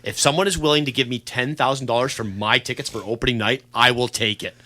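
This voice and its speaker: A man co-hosting a casual radio chat, relaxed and matter-of-fact as he reels off facts. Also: medium pitch, fast. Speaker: radio co-host. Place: radio studio.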